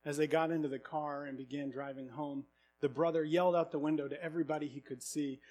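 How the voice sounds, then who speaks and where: High-voiced man telling a sermon story. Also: fast talker. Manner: dramatic, expressive retelling. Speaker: preacher.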